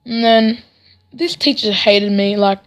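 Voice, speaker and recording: A man's voice: high voice, measured pace. A teenage boy telling a storytime vlog in a rambling, sarcastic way, with frequent "right?" asides. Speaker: vlogger.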